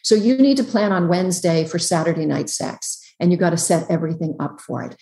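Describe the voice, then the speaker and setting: A woman psychologist giving relationship advice as a podcast guest over a video call, emphatic and explanatory, running through quick lists. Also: fairly low pitch, animated, warm tone, roomy sound. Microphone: computer on a video call.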